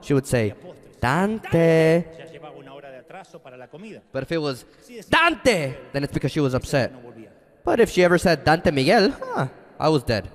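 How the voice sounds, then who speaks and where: Man, pastor, sermon, very lively pitch, dramatic storytelling, long reverb. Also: fast talker. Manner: dramatic storytelling, shifts between loud and hushed.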